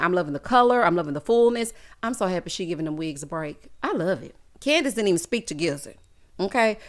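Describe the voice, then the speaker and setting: A woman recapping a reality show in casual, sassy commentary, acting out the cast's lines. She is just getting over being sick. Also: mid-range voice. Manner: sassy, animated, acts out quotes of cast members. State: recovering from illness. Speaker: recap vlogger.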